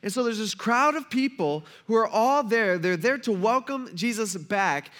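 A man preaching a casual sermon, retelling a story with animated asides and acting out the characters' lines. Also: sits high, normal speed. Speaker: pastor.

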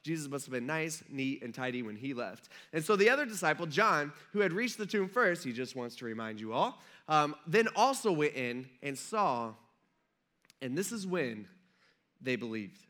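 Pastor, man in his thirties; bright, slightly high voice; relaxed, jokey preaching style. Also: normal speed. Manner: chatty, joking, acts out the story in quotes. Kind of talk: casual sermon with humorous asides.

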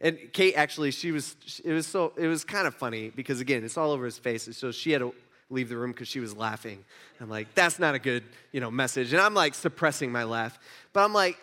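A man in his thirties preaching a sermon, telling a family story with lively swings between hushed asides and emphatic outbursts. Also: medium pitch, brisk. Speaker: pastor.

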